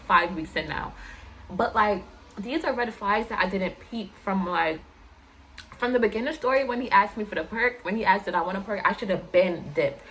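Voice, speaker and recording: Young new woman spilling a storytime, slangy and animated, faint hiss behind. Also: poor audio. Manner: animated, slangy, acts out quotes in higher voice. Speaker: vlogger telling a personal story. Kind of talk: casual storytime chat.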